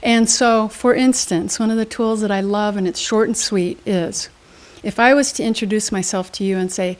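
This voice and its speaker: A woman's voice: mid-range voice, steady tone, normal speed. A woman motivational speaker and trainer, answering in an interview with an emphatic, teacherly manner and quiz-style questions. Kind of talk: interview guest. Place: studio.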